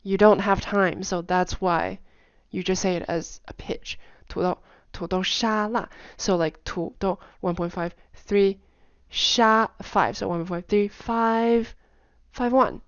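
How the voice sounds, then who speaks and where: A woman giving a casual explanatory lesson, demonstrating pitch with sung "da" syllables and quickly repeated words, chatty with frequent "like" fillers. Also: smooth, no echo, dull audio. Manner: chatty, with many "like" fillers and soft asides. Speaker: language teacher.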